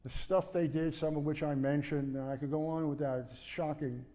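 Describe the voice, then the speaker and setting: Older male ex-prosecutor guest, a touch high-voiced, wandering anecdotes in a reverberant room. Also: fairly even intonation, normal speed, dark tone. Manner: digressive, restarts sentences, acts out quoted dialogue. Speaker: interview guest, former prosecutor. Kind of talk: rambling storytelling interview.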